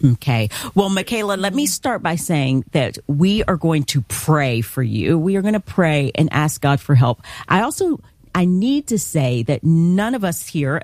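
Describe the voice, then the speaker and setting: Woman host for Christian call-in radio, low and dry, gently affirming. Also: dry recording. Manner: affirming, frequent murmured agreement.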